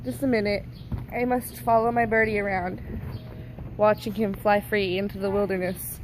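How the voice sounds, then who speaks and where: A woman's voice: mid-range voice, flat delivery, normal speed, slight background noise, poor audio. A young woman vlogging outdoors, talking in a playful, doting, mock-dramatic way. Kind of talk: casual outdoor vlog.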